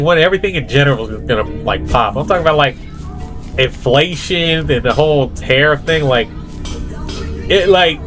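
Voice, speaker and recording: Young male vlogger, slightly high voice, casual rambling delivery with lots of fillers, soft music bed. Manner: rambling, full of fillers and tangents, laughs at himself.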